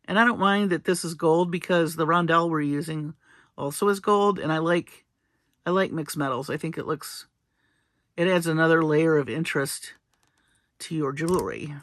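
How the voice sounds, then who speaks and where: Chatty and playful with small laughs, a woman hosts a casual jewelry-making tutorial, working through each step. Her voice sits low at a normal speed. No room sound is audible.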